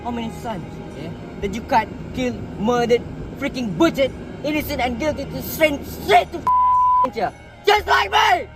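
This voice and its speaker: Performer putting on a brash ranting gangster, pitch swinging wildly, music under. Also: big pitch swings, measured pace. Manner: blustering, sneering, swears a lot. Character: brash, swaggering male London gangster.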